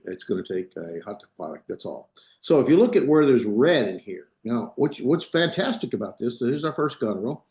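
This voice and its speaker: Relaxed male teacher in a roomy classroom. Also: medium pitch. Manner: loose, restarts often, checks in with students. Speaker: Biblical Hebrew teacher. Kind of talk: classroom lecture.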